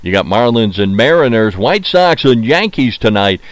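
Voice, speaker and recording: A man hosts his own sports podcast, his pitch leaping up and down as he talks. He is opinionated and chatty, repeats his points, and pads his pauses with "uh." His voice is close and dry, with no room sound at all. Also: sing-song, no echo. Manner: opinionated, mocks teams in put-on quoted voices; frequent filler "uh" and repeated phrases. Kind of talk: casual solo sports talk.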